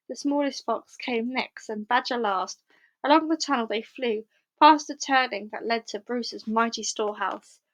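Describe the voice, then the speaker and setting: A woman reads a children's book aloud with a clear, measured storytelling delivery. Her voice sits on the higher side. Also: fairly bright tone, low-quality recording. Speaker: storybook reader.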